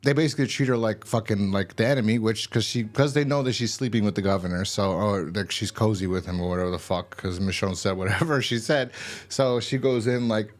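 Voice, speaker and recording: A man's voice: on the low side, brisk. A man giving a casual, rambling and profane review of a TV episode. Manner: rambling, profane, full of fillers and restarts.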